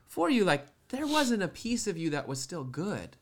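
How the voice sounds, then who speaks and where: A man co-hosting a podcast, talking in a casual, animated way about faith and often breaking into laughter and jokes. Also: high-pitched, normal speed. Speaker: podcast co-host.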